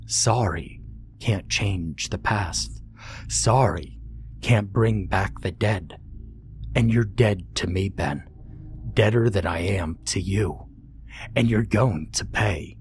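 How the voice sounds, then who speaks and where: A man voicing a cold, vengeful ghostly boy who speaks in a hollow, hushed, slow way. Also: deep voice, slight background noise. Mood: menacing.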